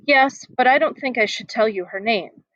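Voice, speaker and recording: A woman's voice: a little high, moderate pace, fairly bright tone, no room sound, dull audio, close to an everyday voice. A woman voicing a troubled young schoolboy, hesitant and plaintive, in a read-aloud storybook.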